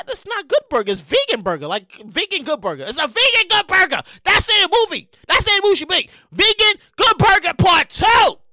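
A podcast host ranting about the news in a loud, animated way, often laughing and shouting. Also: extremely high pitch, brisk, hardly any pauses. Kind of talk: casual commentary rant.

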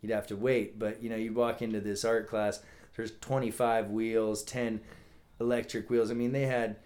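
Male podcast guest from California, lower register, halting, filler-heavy casual talk. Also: flat delivery, darkish tone. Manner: halting, many restarts and fillers. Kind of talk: casual chat.

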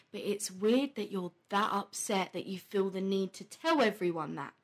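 A young woman hosting a podcast, talking casually and bluntly, swearing freely and laughing often. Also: medium pitch. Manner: quick, heated rants with animated quoted voices. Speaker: podcast host. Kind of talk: casual chat on a live stream.

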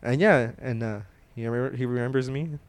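A man's voice: mid-range voice, fairly quick. A young man co-hosting a casual podcast at home, telling slangy stories with frequent laughs. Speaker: podcast co-host. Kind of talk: casual chat. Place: home room.

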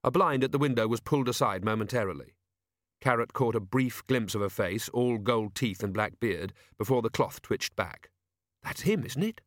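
A man's voice: fairly low pitch, moderate pace, no echo. Man with a dry, close narrating voice. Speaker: audiobook narrator. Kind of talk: scripted narration.

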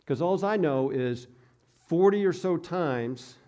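A man's voice: fairly high pitch, animated, slow pace, dark tone. A man preaching a sermon as a pastor, telling personal stories in a conversational, self-deprecating way. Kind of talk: storytelling sermon.

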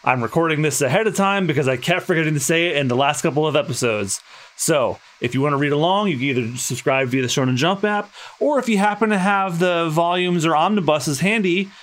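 A man co-hosting a casual manga read-through podcast, chatting loosely with plenty of fillers. His voice is fairly high and bright. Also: animated, a little fast. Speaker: podcast co-host.

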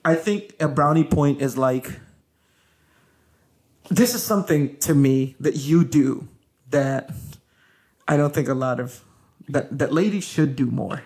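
A man hosts a relaxed podcast chat with his wife. His voice has a gravelly edge, and he talks in a loose, lively way with frequent laughs and fillers. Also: on the high side, a little slow, pauses often. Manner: animated, laughing, loaded with fillers. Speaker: podcast host.

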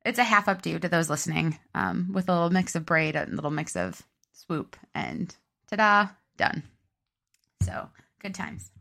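A woman's voice: lowish voice, expressive, moderate pace, creaky, a bit bright. A young woman co-hosting a podcast, chatting in an easygoing, upbeat way. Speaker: podcast co-host. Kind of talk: casual chat.

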